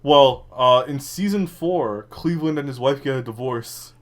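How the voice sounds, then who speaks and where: A man's voice: medium pitch, normal speed, crowd noise. A man co-hosting a podcast in casual chat, giggly and teasing, laughing a lot. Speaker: podcast co-host.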